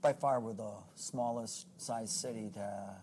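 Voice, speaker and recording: A man who serves as a city mayor, answering in a conversational interview in a halting, earnest way and often repeating words. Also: lowish voice, fairly even intonation, darkish tone, a little hiss or hum.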